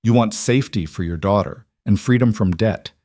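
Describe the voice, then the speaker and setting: A cold mafia boss giving flat, curt orders in a fairly low voice, as read by a male narrator. He sounds close and dry, with no room around him. It is a romance audiobook character. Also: moderate pace, dry recording, close to an everyday voice. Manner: curt, matter-of-fact commands.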